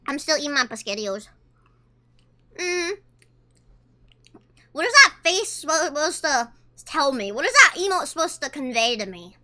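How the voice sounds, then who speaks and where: A woman's voice: high voice, big pitch swings, moderate pace, long pauses, pushed and bright. A woman streamer chatting casually with her chat, reading messages aloud and talking while she eats. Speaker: livestreamer.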